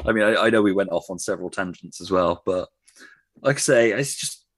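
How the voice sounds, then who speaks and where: A man's voice: sits low, brisk, dry recording. A man co-hosting a film podcast, laid-back and hesitant. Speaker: podcast co-host. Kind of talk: casual film podcast chat.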